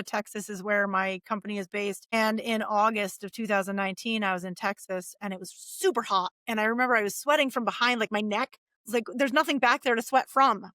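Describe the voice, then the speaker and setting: A woman in her forties, a podcast guest, telling her life story in a lively, animated way and acting out the voices of people she quotes. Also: medium pitch, dry recording, clean studio sound. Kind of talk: casual storytelling interview.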